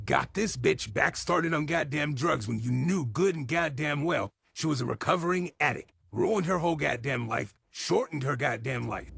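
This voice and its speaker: A man's voice: fairly high pitch, creaky, a bit bright, slightly rough. A man giving profane comedic commentary, swearing constantly in an exasperated rant at a character's mistakes. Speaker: show commentator.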